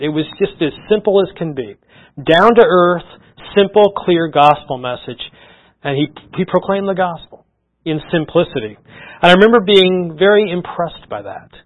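A middle-aged man preaching a sermon with an earnest, conversational manner, often circling back and restarting his phrases. His voice sits a little high for a man. The recording is slightly dull and lo-fi. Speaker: pastor.

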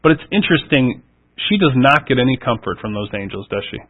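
A man reading scripture aloud and then preaching on it, earnest and reflective, leaning into key words and then letting his voice fall soft. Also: medium pitch, lively intonation, quick pace, husky, narrow, tinny audio.

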